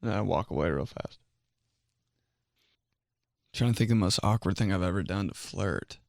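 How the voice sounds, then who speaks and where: A young man tells comic stories in a loose, rambling monologue. His pitch leaps and swoops all over as he talks, and he keeps laughing at his own jokes. The sound is dry and close, with no room echo. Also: lively intonation, moderate pace, creaky, darkish tone. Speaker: comedian. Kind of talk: casual comedic storytelling monologue.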